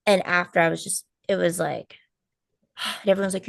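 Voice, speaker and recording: A woman co-hosting a live stream, telling a personal story in casual chat, animated and full of fillers and quoted asides. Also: lowish voice, moderate pace, gravelly, dry recording, studio quality. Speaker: co-host of a spiritual healing live stream.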